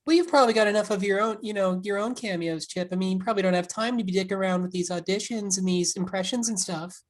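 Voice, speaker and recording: A woman guest in a comedy chat, with a voice of middle height. She teases the host and plays along with sugary flattery. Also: mid-range voice, fast. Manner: playful, teasing, flattering. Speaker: podcast guest.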